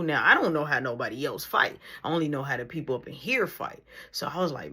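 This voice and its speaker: A woman telling a family story casually, slangy and animated, acting out the people in it. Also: low-pitched, a little fast, few pauses, slightly rough.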